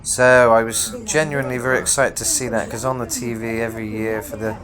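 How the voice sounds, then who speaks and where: A man's voice: mid-range voice, little pitch movement, a little fast. A British man giving casual travel commentary outdoors from an open-top tour bus, rambling and swearing freely. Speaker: travel vlogger. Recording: busy street crowd behind.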